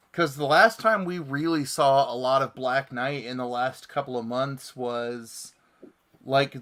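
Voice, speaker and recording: A man's voice: medium pitch, fairly bright tone. A man hosting a casual comics chat show and reading viewer comments aloud. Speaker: podcast host.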